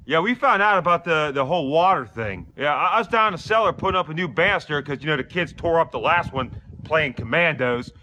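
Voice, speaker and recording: Guy playing a gruff pittsburgh dad, pittsburgh accent, high bright nagging voice, sarcastic griping. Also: animated, fairly quick, hardly any pauses. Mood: grumbling. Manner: complaining, nagging family, sarcastic. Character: gruff middle-aged Pittsburgh dad, grumbling. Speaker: comedy character. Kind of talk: comedic monologue clip.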